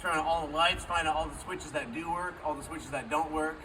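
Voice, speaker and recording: A man's voice: a little high, brisk. A man speaking as a friend at a memorial, telling an informal story and acting out the quoted dialogue. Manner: acts out quoted dialogue with lively shifts. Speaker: friend giving a memorial speech. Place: memorial gathering. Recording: distant mic with faint background noise.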